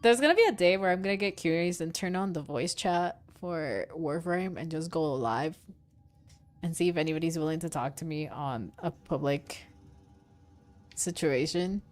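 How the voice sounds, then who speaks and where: Excitable, foul-mouthed woman livestreamer. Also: sits low, normal speed. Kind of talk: casual gaming livestream chat.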